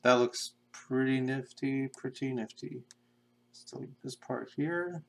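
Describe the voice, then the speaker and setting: A young man casually talking to himself in a flat monotone while drawing pixel art on a live stream. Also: medium pitch, measured pace, creaky. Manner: mumbling to himself, self-described monotone. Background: keyboard typing and clicking.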